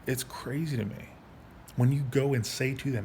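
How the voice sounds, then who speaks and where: A man in his thirties telling his own story in a casual monologue, angry and profane, halting with frequent restarts. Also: mid-range voice, a little mellow. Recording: faint background noise.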